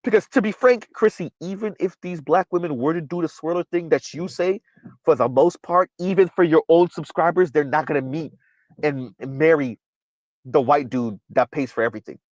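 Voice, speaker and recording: An American man with a fairly high voice hosts a livestream commentary channel, reading out the chat at normal speed. He's emphatic and asks "right?" over and over; the audio has no echo but its highs are cut off.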